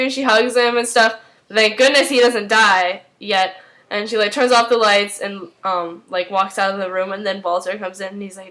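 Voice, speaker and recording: A woman's voice: fairly high pitch, fairly even intonation, sharp tone. Chatty young woman rambling through a recap. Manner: rambling, many "like"s, acts out lines in quick voices. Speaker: recap vlogger. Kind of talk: casual TV episode recap.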